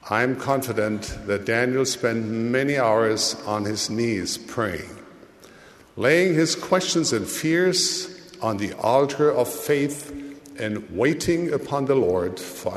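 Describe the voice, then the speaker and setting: A man giving a sermon in a measured, deliberate way, with his voice rising and falling for emphasis. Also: medium pitch. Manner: slow, measured delivery with dramatic rises and drops. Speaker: church leader. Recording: long hall reverb.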